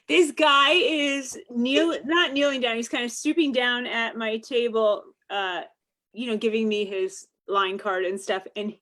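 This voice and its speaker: A woman romance author in a casual chat, telling an anecdote with bursts of laughter and playful mock outrage. Her voice sits a little high for a woman. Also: measured pace. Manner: animated storyteller, laughs often, mock outrage.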